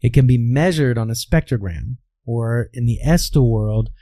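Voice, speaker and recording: A man with a medium-pitched, dark voice speaks at a moderate pace in a dry recording. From Kansas, USA, he's a voice coach guest in a conversational interview, sharing anecdotes with a softened Midwestern accent and repeatedly saying "all right."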